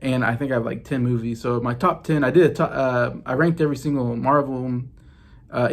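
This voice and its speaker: A man's voice: mid-range voice, vocal fry. A man in his late thirties hosting a casual video vlog from his basement, chatty and meandering as he shows off his movie collection. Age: late 30s. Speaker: YouTube host. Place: home basement.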